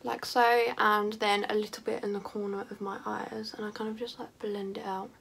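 A woman's voice: medium pitch, level tone, moderate pace, creaky, a bit bright, slightly rough. A teenage girl talking casually through her makeup routine, chatty and self-mocking, drifting into rambling asides. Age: teens. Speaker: beauty vlogger. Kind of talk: casual makeup tutorial chat.

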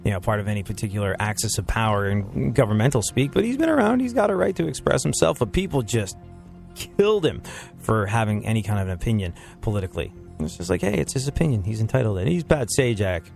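A man's voice: lowish voice, expressive, fast, vocal fry, a little mellow, soft background music. A man hosting a casual comedy podcast, rambling through stories with frequent laughs and restarts. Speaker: podcast host.

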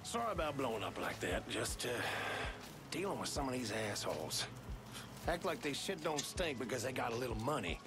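A man's voice: medium pitch, very animated, a little fast, loud music behind the voice. An actor playing a foul-mouthed male crime associate in a video game, grumbling and cursing.

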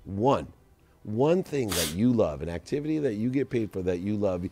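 A middle-aged man, a guest entrepreneur, telling stories in a casual podcast conversation and slowing down to stress advice. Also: fairly low pitch, expressive, mellow. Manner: storytelling, slows down to stress advice.

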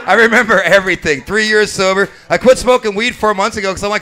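A man's voice: high-pitched, fast talker, hardly any pauses, bright, forceful tone, a little hiss or hum. A man in his late forties from Alaska doing a live stand-up set at a brewery bar, telling crude, profane, self-mocking jokes. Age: late 40s. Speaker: stand-up comedian.

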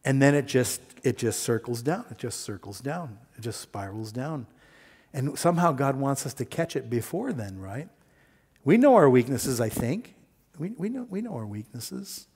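A man preaching a sermon, telling a story with lively quoted voices and plain talk. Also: medium pitch, normal speed, husky. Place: church sanctuary. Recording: long hall reverb.

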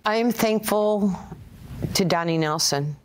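A woman's voice: mid-range voice, measured pace, slight background noise. A woman, telling stories as an interview guest and acting out the voices of the people she quotes. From Brooklyn, New York. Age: 60s. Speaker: interview guest, former player and coach. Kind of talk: conversational storytelling.

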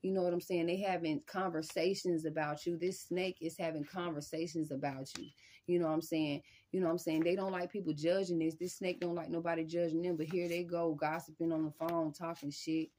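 A woman with a fairly low voice delivers a spiritual reading straight to her viewers. Her talk is casual and slangy, full of repeated assurances, and it jumps into sudden loud, high-pitched outbursts. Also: level tone, brisk, slight background noise. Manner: emphatic, repeats "y'all" and "I'm telling you". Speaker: tarot reader.

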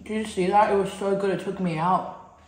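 A woman's voice: medium pitch, fairly even intonation, fairly quick, a little mellow. A young woman vlogging casually at home, bubbly and chatty with playful asides. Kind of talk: casual vlog talk to camera. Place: at home, small rooms. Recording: echoey home room with music.

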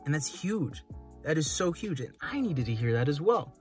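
A man's voice: a little high, sing-song, moderate pace, soft background music. A young man hosting an advice video, reading a post aloud and answering it with a fired-up motivational pep talk, calling the listener brother and man. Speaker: host. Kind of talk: reading and reacting to a forum post.

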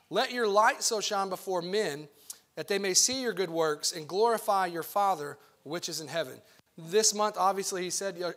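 A man's voice: sits high, fairly bright tone. A young man, preaching earnestly as a guest youth pastor, casual and full of restarts. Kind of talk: sermon.

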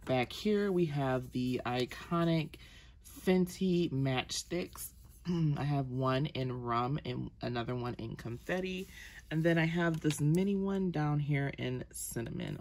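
A woman's voice: low-pitched, takes it slowly, darkish tone, slight background noise. A woman vlogger chatting casually through her makeup collection, rambling with ums and self-corrections. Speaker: beauty vlogger.

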